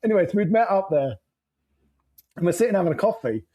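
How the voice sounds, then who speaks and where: A man's voice: high-pitched, lively intonation, quick pace, mellow, rough recording. A man, a podcast guest telling road stories in a loose, rambling way, laughing and swearing as he goes. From England. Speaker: podcast guest, motorcycle traveler. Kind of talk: casual storytelling.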